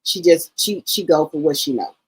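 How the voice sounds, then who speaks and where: A middle-aged woman tells family stories to her livestream viewers. Her voice is lowish and husky. She is animated and calls her listeners baby and girl. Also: moderate pace, poor audio. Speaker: livestream host. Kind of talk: casual storytelling chat.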